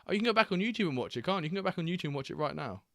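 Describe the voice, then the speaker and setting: A man's voice: on the high side, lively intonation, rapid-fire, a bit bright, no echo, clean studio sound. A man hosting a live watchalong stream, reading chat aloud and bantering with a jokey, laughing manner.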